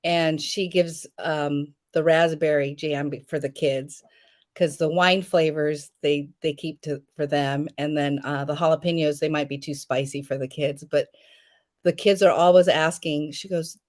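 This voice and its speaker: A middle-aged woman with a somewhat low voice tells home-kitchen stories in a relaxed interview chat. She acts out other people's words as she goes and laughs easily. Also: measured pace. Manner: chatty storyteller, acts out quotes, laughs often. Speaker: guest, home jam maker. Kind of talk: casual live interview chat.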